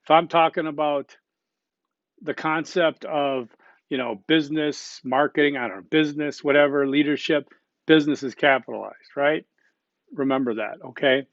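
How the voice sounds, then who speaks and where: An older man gives a recorded college lecture in a loose, chatty way, checking in with "okay?" and fixing his own slips as he goes. His voice sits a bit high for a man. The recording is dry and dull, with no room sound. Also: steady tone, moderate pace, fairly bright tone, no room sound. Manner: conversational, peppered with "okay?" and fillers; self-correcting asides. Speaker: college instructor.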